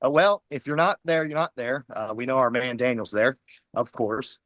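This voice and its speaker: Brief: male team leader, mid-pitched, emphatic motivational speech. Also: moderate pace, fairly bright tone, dry recording. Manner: fiery, preachy, emphatic repetition. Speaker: team leader speaking at a company huddle. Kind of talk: motivational pep talk.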